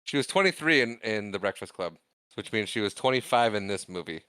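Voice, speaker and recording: In a fairly low, lively voice that moves quickly, a man co-hosts a casual movie podcast, laughing often and being self-deprecating. He reads the credits aloud, his tone clean and a bit bright on a dry recording.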